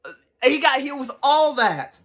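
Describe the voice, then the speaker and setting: A young man giving casual, excitable commentary as a channel host, rambling and swearing freely. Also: extremely high pitch, unhurried.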